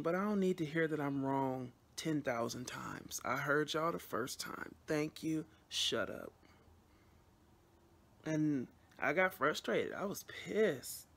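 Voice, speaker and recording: A woman vlogging casually, venting bluntly to her camera with frequent swearing and rambling restarts. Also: low-pitched.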